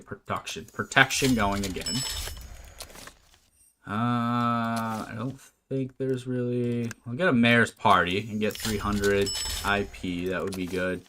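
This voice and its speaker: A gameplay commentator with a low, sharp voice does casual let's-play commentary on a management game, speaking slowly with fairly even intonation. He reads the game's text aloud and adds wry asides. Faint noise and clicks run through the recording.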